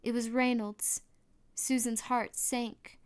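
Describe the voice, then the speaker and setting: A woman narrates a novel aloud in a smooth, clear voice that sits a little high. She reads steadily and stumbles now and then, restarting a word and going on. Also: flat delivery, slow. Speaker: audiobook reader. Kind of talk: storybook narration.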